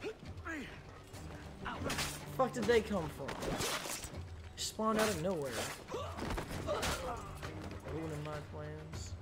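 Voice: mid-range voice, expressive, extremely slow, long pauses, over loud music. A game streamer giving live commentary, often exasperated and scolding a pet between plays.

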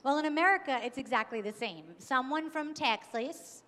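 A woman's voice: high-pitched, normal speed, fairly bright tone. A woman from New York giving a conference keynote talk, engaging and often putting questions to the audience. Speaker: keynote speaker. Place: conference hall. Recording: long hall reverb.

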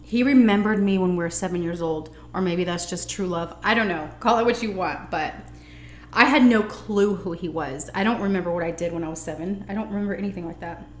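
A woman's voice: lowish voice, a little fast, roomy sound, slight background noise. A young adult woman chatting animatedly as she tells a personal story and acts out the dialogue. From United States. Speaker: vlogger. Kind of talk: storytelling while eating.

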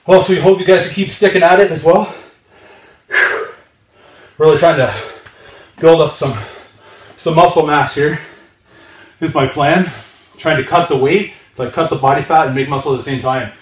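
A man's voice: on the high side, normal speed, long pauses, roomy sound, distant mic. A man filming his own workout vlog, counting reps and urging viewers on while out of breath. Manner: encouraging, counts reps with strained exhales. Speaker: fitness vlogger. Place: home gym.

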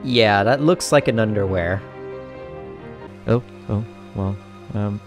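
A man giving sweary, animated let's-play commentary as a gaming YouTuber, laughing often. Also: medium pitch, slow, long pauses, faint music behind.

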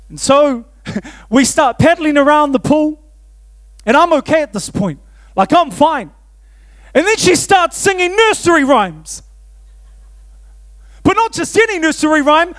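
High-voiced New pastor. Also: male voice, a little slow, long pauses. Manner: animated, self-mocking, laughs often. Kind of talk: storytelling sermon.

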